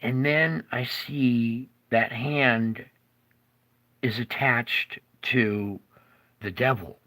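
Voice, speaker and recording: A man telling a dramatic vision in a casual, animated monologue, with frequent restarts. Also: medium pitch, drawn-out words. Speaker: video storyteller.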